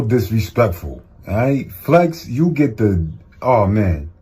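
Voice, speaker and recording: A man's voice: on the low side, sing-song, slow pace, warm tone, slightly rough. A man delivering a playful, joking scolding in a comedic rant.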